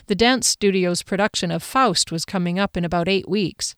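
Smooth-voiced woman audiobook narrator. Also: lowish voice, normal speed, hardly any pauses, no room sound, studio quality. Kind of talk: first-person audiobook narration.

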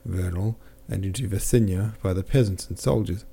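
Guy reading a novel aloud, low gravelly voice, steady pace. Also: normal speed. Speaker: audiobook narrator and podcast host. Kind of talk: audiobook narration.

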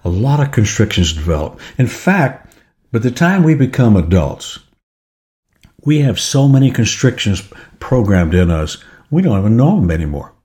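A man's voice: on the low side, sing-song, normal speed, a little mellow. An older man gives a reflective motivational talk, telling a story and acting out its scenes.

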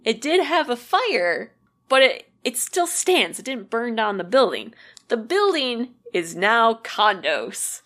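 Her voice is on the high side and a bit bright, and though she takes her time, she's very animated. As a podcast co-host, she casually recounts a true crime ghost story, full of fillers and frequent "like."

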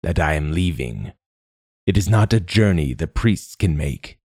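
Man voicing a rasping ancient machine god. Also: deep voice, expressive, a little slow, a little mellow, dry recording, clean studio sound, heavily acted. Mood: solemn. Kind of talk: audiobook narration.

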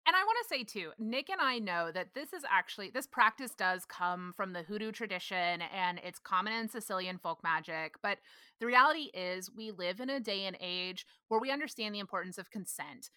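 A woman co-hosting a casual podcast, playful and wry with quick quips. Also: medium pitch, expressive, pushed and bright, no room sound, clean studio sound. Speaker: podcast co-host.

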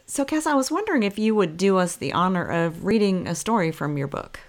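A woman hosting an interview, supportive and quick to affirm her guest. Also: medium pitch, expressive. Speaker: interview host. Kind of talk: casual interview chat.

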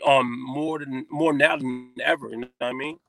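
A man who is a comedian, telling stories in animated casual chat with plenty of swearing. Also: medium pitch, normal speed, vocal fry. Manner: animated storytelling with frequent profanity.

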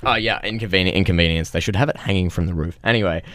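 A man's voice: deep voice, rapid-fire, fairly bright tone, dry recording. A young man, telling a long story in casual podcast chat, full of fillers and restarts. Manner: rambling storytelling with many fillers.

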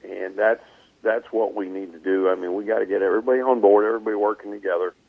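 A male race car driver calmly talking through his plans in a casual interview, with many ums and uhs. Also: fairly low pitch, gravelly, slightly rough, dry recording. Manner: relaxed, measured, frequent um and uh. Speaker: race car driver and team owner guest. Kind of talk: casual interview on a phone line. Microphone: phone line. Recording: tinny phone line, dry.

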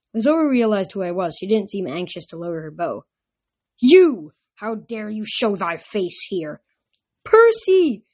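A woman narrating a novel aloud in a steady storytelling manner. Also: lowish voice. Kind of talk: audiobook narration.

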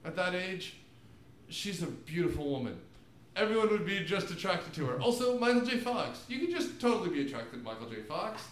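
Animated, joking podcast host. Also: male voice, high voice, a little fast, reverberant, slight background noise. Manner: animated, jokey, rambling with asides. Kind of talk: casual movie recap chat. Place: home room with DVD shelf.

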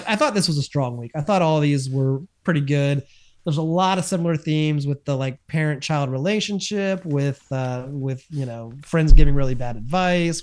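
Chatty man recapping episodes. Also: on the high side. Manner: animated retelling with many fillers and restarts. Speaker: podcast co-host. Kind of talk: casual chat recapping TV episodes.

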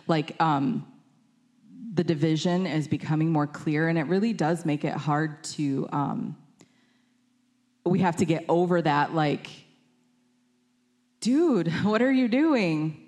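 A woman's voice: low voice, fairly even intonation, measured pace, long pauses, a little mellow. A young adult woman preaching informally, chatty, with many fillers and self-corrections while telling a personal story.

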